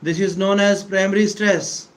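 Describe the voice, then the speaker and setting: A man giving a deliberate English pronunciation lesson, repeating key words for emphasis and clearing his throat often. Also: high voice, steady tone, low-quality recording. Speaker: English teacher. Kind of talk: slow explanatory lecture.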